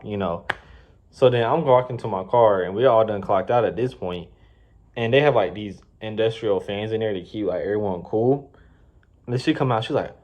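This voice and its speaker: A man's voice: lowish voice, moderate pace, a little mellow. A man in his twenties telling a casual, slangy story with plenty of swearing and rambling asides. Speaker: vlogger. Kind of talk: storytime vlog.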